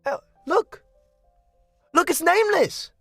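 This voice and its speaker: A man voicing a crowd of excitable young foster children, squeaky and shrill, gasping and shouting with glee. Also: slow pace, breathy edge, dry recording, clean studio sound, soft background music, exaggerated voice. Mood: gleeful.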